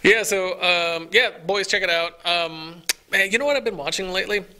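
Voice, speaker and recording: A man's voice: sits high, normal speed, pushed and bright. A man co-hosting a casual podcast chat, rambling eagerly with many restarts. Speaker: podcast co-host.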